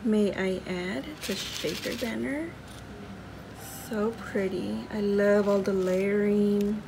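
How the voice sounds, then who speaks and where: A woman hosting a crafting video, unboxing mail from a friend and gushing over each handmade piece with excited exclamations. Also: mid-range voice, takes it slowly, creaky, background noise. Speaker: crafting channel host.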